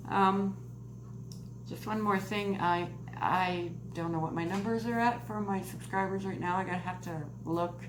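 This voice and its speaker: Giggly and effusive, a woman from Canada unboxes crochet mail in a casual vlog. She speaks at a moderate pace in a steady, medium-pitched voice, and the room she's in is noisy and echoey.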